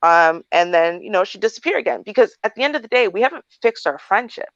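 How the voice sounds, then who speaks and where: A woman's voice: medium pitch, animated, fast, a bit bright, dry recording. A woman in her thirties hosting a livestream, telling a personal story in a blunt, candid, talkative way. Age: 30s. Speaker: livestream advice host. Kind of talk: casual storytelling chat. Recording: dry, dull lo-fi sound.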